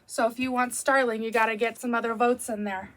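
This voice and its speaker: A woman's voice: fairly high pitch, steady tone, brisk, a bit bright. A woman hosting a quilting tutorial, wrapping up in a chatty, easygoing, self-deprecating way. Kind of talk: casual tutorial chat.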